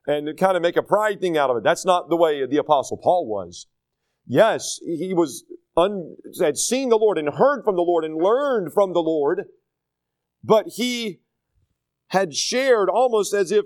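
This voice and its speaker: A man's voice: high-pitched, animated, a little slow, darkish tone. A man teaching from the Bible in an earnest, plain-spoken way, with frequent fillers and restarts. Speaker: pastor teaching a Bible study.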